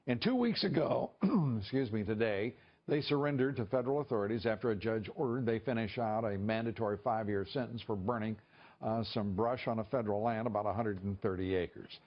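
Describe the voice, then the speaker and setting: A male television news host giving opinionated commentary, halting now and then. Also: lowish voice. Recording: dull lo-fi broadcast audio.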